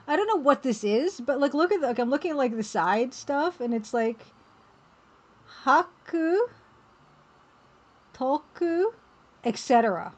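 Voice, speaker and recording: A woman's voice: fairly high pitch, moderate pace. Chatty woman on a live stream. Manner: chatty, reads viewer messages aloud, excitable exclamations. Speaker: game developer streaming while drawing. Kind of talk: casual live-stream chat.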